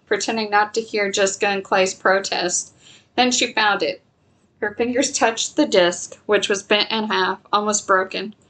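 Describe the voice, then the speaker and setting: A woman reading a novel aloud in steady narration, with small slips she corrects as she goes. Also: mid-range voice, rough recording. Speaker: reader.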